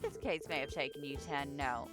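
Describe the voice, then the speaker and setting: A woman voicing a pompous, arrogant male FBI agent in a put-on Southern accent, talking down to everyone in a brisk, boastful way. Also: a bass voice, over loud music. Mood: smug.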